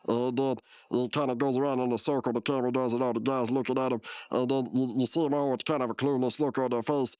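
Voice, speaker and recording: Rambling casual podcast co-host. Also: male voice, mid-range voice, steady tone, fast, a little mellow, clear, resonant tone, dry recording, studio quality. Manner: rambling, heavy on "like" and restarts. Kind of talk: casual episode recap.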